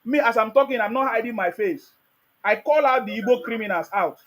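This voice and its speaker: A man's voice: extremely high pitch, brisk, a bit bright. A man with a Nigerian accent hosting a heated live call-in debate, combative and repeating his demands insistently. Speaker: host of a live call-in stream.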